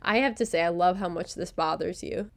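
A woman's voice: on the low side, brisk. A woman hosting a commentary podcast, reading a sarcastic review script with a wry tone, laughing often and restarting lines when she stumbles. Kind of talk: casual recorded commentary read from a script.

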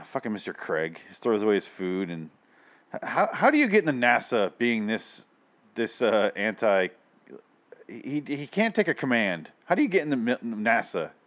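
A man co-hosting a casual podcast, chatting about a TV episode in a profane, sarcastic and animated way. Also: fairly low pitch, normal speed. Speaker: podcast co-host. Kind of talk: casual chat reviewing a TV episode.

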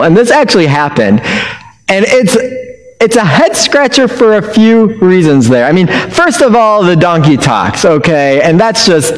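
A man's voice: on the high side, echoey room, big-room sound, rough recording. A man talking casually through a Bible passage, joking and restarting his sentences as he reflects. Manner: conversational, joking, with frequent restarts. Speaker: Bible teacher.

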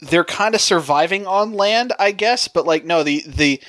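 Podcast co-host, casual chat, chatty, halting. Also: mid-range voice, fairly bright tone.

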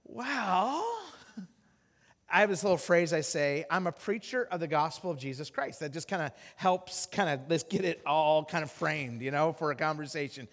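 A man preaching as a guest speaker, telling a story with animated acted-out voices and frequent restarts. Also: on the high side, brisk, few pauses. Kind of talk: sermon storytelling. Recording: long hall reverb.

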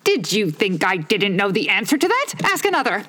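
A woman reading a storybook aloud, putting on a higher, slow, pompous voice for a touchy male egg perched on a wall. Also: huge pitch swings, fairly bright tone. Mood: haughty. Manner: pompous, slow, drawn-out emphatic phrasing.

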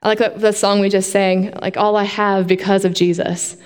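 A woman preaches a sermon in a lively way, asking her listeners questions. Her voice is mid-pitched and carries a long hall reverb, as in a church. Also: moderate pace, smooth. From not from Australia. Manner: lively, asks the congregation questions.

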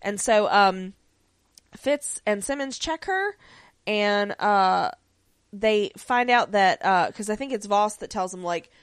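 A woman in casual podcast chat, recapping an episode with loose, filler-heavy talk. Her voice sits mid-range and sounds dry and close, with no room around it. Now and then she breaks into quick impressions of the characters. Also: medium pitch, lively intonation, clean tone, no room sound. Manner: chatty, many ums and likes, acts out lines in quotes.

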